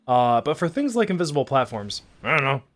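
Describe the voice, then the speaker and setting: A man's voice: mid-range voice, big pitch swings, brisk, fairly bright tone. Chatty man streaming a game. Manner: chatty, rambling, self-deprecating. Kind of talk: casual gameplay commentary.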